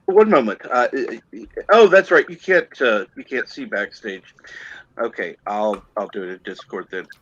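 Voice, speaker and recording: A man's voice: medium pitch, expressive, normal speed, no echo. A man with a Midwestern accent hosting a casual chat, fiddling with tech between words. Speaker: host. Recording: dull lo-fi mic.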